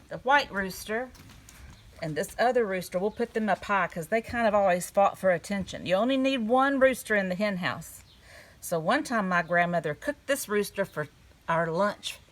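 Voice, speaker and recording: A woman giving a gentle storytelling lesson to young children at a table. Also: mid-range voice. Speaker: children's church teacher. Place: indoors at a table.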